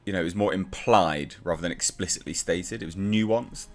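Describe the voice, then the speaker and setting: A man's voice: deep voice, moderate pace, soft background music. A man reviewing a comic book in a casual, exasperated and sarcastic rant.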